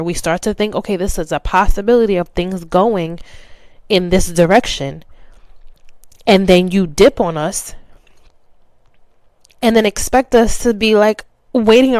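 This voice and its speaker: A woman's voice: medium pitch, dry recording. A young adult woman talking candidly and animatedly as a podcast host, speaking straight to the listener. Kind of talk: casual monologue.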